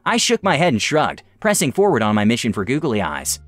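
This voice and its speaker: Young male story reader, expressive and animated, mid-pitched, dry close sound. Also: fairly quick, no echo, soft background music. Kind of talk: reading online stories aloud.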